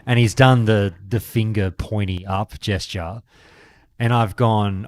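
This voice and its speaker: Man, low voice, chatty, dry close mic. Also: normal speed, a little mellow, dry recording. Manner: chatty, swearing, acts out anecdotes. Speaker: streamer and podcast host. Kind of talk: casual chat on a game stream. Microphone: desk microphone.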